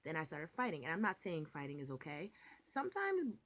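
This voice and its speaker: A young adult woman telling a personal story to camera in a rambling, animated way, full of filler words and the odd swear word. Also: deep voice, fairly quick. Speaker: vlogger. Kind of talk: casual storytime monologue.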